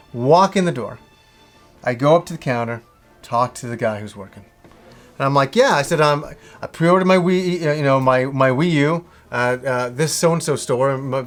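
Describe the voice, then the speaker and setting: A man with a slightly high voice tells a story in a loose, ranting way. He acts out both sides of each conversation and swears freely as he goes. Faint music plays underneath. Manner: animated retelling with swearing and acted-out dialogue. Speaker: video game vlogger. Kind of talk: casual storytelling rant.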